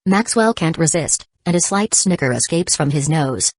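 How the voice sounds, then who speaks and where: Low-voiced woman reading an audiobook. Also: animated, normal speed, darkish tone, no room sound. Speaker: audiobook narrator. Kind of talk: scripted narration.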